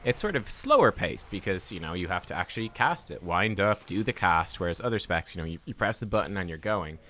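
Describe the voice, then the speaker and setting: A young man giving casual, chatty commentary over gameplay footage, self-deprecating and quick to laugh at himself. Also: sits low, sing-song, a bit bright. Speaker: gaming content creator.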